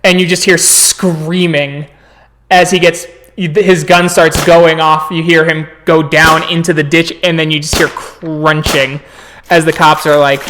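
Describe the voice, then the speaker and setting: A man's voice: a little high, little pitch movement, a little slow, a bit bright. A man narrating as game master, describing violent scenes with spoken sound effects.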